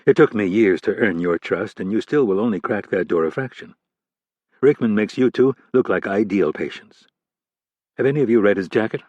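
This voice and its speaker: A man voicing a patient, thoughtful male psychologist in an audiobook, speaking in a calm, analytical way. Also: fairly low pitch, normal speed, no echo, muffled recording, natural voice.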